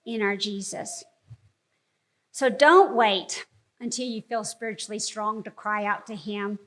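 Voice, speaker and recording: A woman's voice: high voice, a bit bright. A woman preaching a sermon in an earnest, emphatic way, repeating key words for stress.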